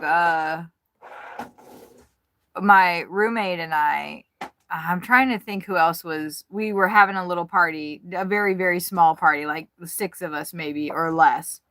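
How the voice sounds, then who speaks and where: A woman's voice: on the low side, a bit bright, no echo. A woman chatting casually on a livestream, joking around and laughing often. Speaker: livestream host.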